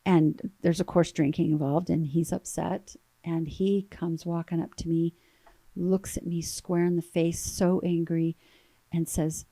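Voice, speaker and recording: A woman in her thirties, a guest telling an emotional personal story in an earnest, halting way with repeated words. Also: lowish voice, level tone, mellow, dry recording.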